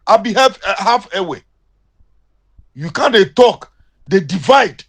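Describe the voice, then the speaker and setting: A man's voice: high voice, animated, measured pace, vocal fry, fairly bright tone, slightly rough. Angry Ghanaian man ranting in Pidgin. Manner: confrontational, in Pidgin English. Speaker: caller sending a voice message. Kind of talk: heated voice-message rant.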